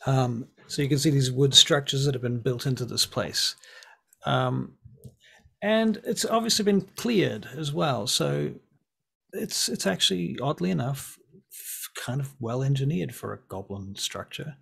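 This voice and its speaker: A man narrating as game master of a tabletop game, halting and searching for words as he describes scenes. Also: mid-range voice, lively intonation, gravelly, fairly bright tone, slightly rough.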